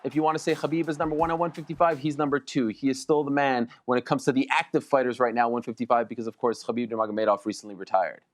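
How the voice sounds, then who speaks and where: A man talking as a guest in an animated sports debate, boastful and emphatic, repeating phrases for effect. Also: mid-range voice, fast, few pauses, soft background music. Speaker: combat sports reporter, guest.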